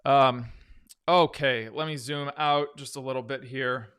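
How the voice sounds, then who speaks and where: During his live trading stream, this host offers casual market commentary, talking through charts, fielding viewer questions, and humming "dun dun dun" as he moves between tickers. He speaks in a steady, mid-range voice at a measured pace, a bit bright, with a clear and resonant tone. It's a dry, studio-quality recording.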